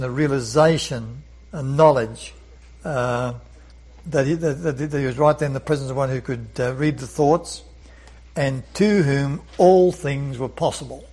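A man's voice: medium pitch, a little slow, a little mellow, husky, rough recording. A man leading a Bible study lesson, earnest, often repeating words and asking rhetorical questions.

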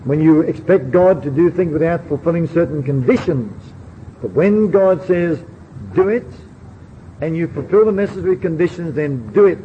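A man's voice: fairly high pitch, moderate pace. A man preaching a sermon, earnestly putting questions straight to his listeners. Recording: dull lo-fi recording with faint hiss.

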